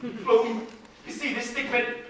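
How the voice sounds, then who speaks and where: A man's voice: very high-pitched, flat delivery, slow, pushed and bright, full character voice. A man playing a brash, scheming, washed-up male Broadway producer, pushy and theatrical in stage comedy style. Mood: wheedling. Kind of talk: stage musical comedy acting. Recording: echoey stage sound from far off, faint noise.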